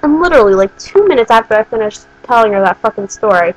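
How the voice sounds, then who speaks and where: Young woman, vlogger, casual storytime, rambling, swearing, slightly high voice. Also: expressive, darkish tone, dull audio. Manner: rambling and swearing, quick bursts of disbelief.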